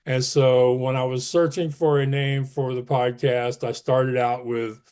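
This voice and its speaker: A man's voice: mid-range voice, level tone, unhurried, darkish tone, smooth. A man speaking as a podcast guest, earnest and emphatic, pushing up his voice on key advice. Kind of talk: casual interview talk.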